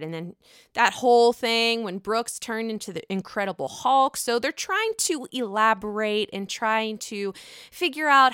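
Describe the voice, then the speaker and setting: A woman's voice: on the high side, animated, a little slow, fairly bright tone, clear, resonant tone, no echo, studio quality. A woman casually recapping a reality TV episode in a gossipy, blunt way, swearing freely.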